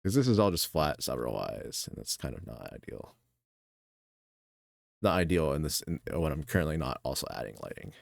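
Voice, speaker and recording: A man chatting casually as a streamer while he draws, rambling with lots of filler words in a deep, gravelly voice. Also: big pitch swings, normal speed, no echo. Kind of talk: casual chat while drawing.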